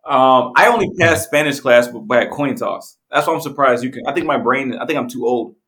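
A young man co-hosting a podcast, joking crudely, swearing and laughing easily. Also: medium pitch. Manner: animated, swearing, quick to laugh. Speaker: podcast co-host. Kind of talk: crude casual banter.

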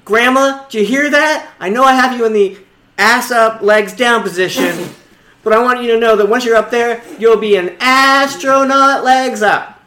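A man playing an eager teenage boy in an improvised comedy scene, excitable and given to whoops, sometimes shaky with nerves. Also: very high-pitched, moderate pace. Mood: earnest. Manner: excitable, shouts and whoops, then turns shaky and scared. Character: eager teenage boy, fourteen, dreaming of space. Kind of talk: improv comedy role-play. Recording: echoey room.

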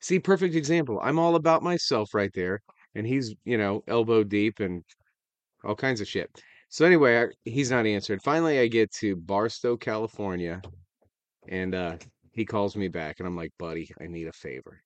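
A lower-pitched man with a drawl tells a rowdy, cussing story, acting out the voices in it. The sound is close and dry, with no room around it. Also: normal speed, no echo. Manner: profane, animated storyteller who acts out quotes. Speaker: podcast host. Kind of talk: casual storytelling chat.

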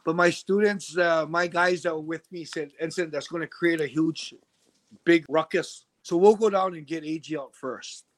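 A middle-aged man spins a story in a relaxed interview, slipping into other people's voices as he goes. His voice sits a little high. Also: normal speed. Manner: animated storyteller, acts out quoted voices. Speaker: interview guest.

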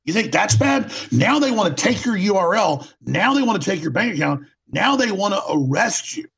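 A man's voice: sits high, very animated, moderate pace, creaky, a bit bright, slightly rough. A man hosting a talk show, delivering an impassioned political monologue, ranting and repeating words for emphasis, on a dull lo-fi recording.

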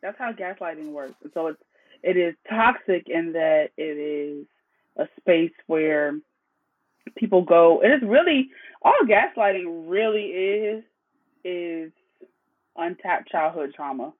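A woman therapist in casual conversation, explaining ideas in an animated way and tagging her points with "right?". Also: on the low side, slow pace. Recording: tinny phone-like line.

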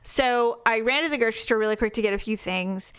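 A woman's voice: a little high, quick pace, clean tone. A young adult woman from Northern California, co-hosting a casual chat and telling funny stories with frequent laughs. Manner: storytelling, animated, laughs often. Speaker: podcast co-host.

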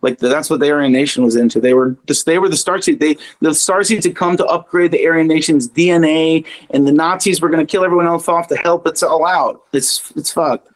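Guy on a spiritual podcast, kinda high voice, swears a lot, animated. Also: a little fast, few pauses. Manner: profane, animated, mocking inner voices. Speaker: podcast guest. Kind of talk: casual spiritual chat.

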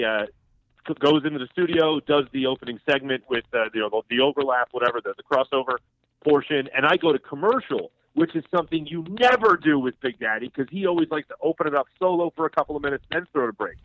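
A man calling in as a guest, telling relaxed, rambling stories with a few laughs. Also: medium pitch, quick pace. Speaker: phone-in guest. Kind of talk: casual chat, storytelling. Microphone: phone. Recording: tinny phone line.

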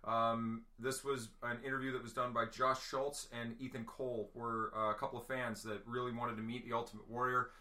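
A man hosting a podcast in a casual chat, halting often with fillers and then growing excited. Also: mid-range voice. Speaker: podcast host.

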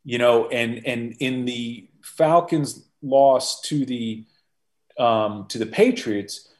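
A man guesting on a podcast, a mid-pitched voice that sits right in the ordinary range. He tells stories with animation and keeps restarting his sentences. He talks like someone recounting his own experiences. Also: takes it slowly. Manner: animated storyteller, frequent restarts. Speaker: podcast guest, former football executive. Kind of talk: conversational interview storytelling.

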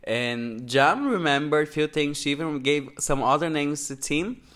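A man co-hosting a podcast, joking around in casual chat with slightly halting phrasing and the odd swear. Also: a little high, a bit bright. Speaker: podcast co-host. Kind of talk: casual chat recapping a reality show.

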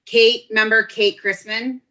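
Bright, chatty woman telling stories. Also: fairly high pitch, normal speed. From Colorado. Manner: lively, chatty, fond of "like". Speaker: podcast guest. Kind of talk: casual storytelling chat.

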